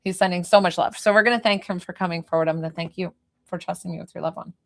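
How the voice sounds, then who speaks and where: Gravelly-voiced woman medium, chatty. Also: fairly low pitch, fairly even intonation, quick pace. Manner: chatty, informal, easily sidetracked. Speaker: spiritual medium. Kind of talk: live-streamed reading.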